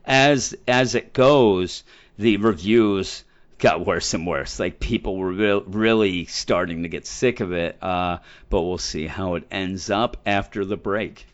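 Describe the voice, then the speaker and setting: A man co-hosting a casual podcast about comics, talking in an animated way and sometimes acting out lines from characters. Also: low voice, unhurried. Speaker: podcast co-host. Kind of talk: casual comic book discussion. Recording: dull lo-fi sound.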